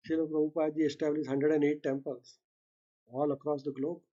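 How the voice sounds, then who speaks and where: A man with an Indian accent delivers a devotional talk in a mellow, rather high voice. He speaks unhurriedly, checking in with his listeners now and then, and the recording is muffled and lo-fi. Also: level tone, fairly quick. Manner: speaks unhurriedly, often ends points with a questioning "right?", mixes in Hindi. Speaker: satsang speaker.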